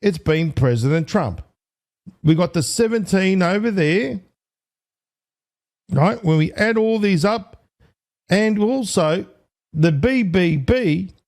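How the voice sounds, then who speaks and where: An excitable man with a fairly high voice, hosting a casual online commentary. He counts aloud, stumbles, and corrects himself, and he calls out to his viewers as ladies and gentlemen. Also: takes it slowly, long pauses. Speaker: online video host.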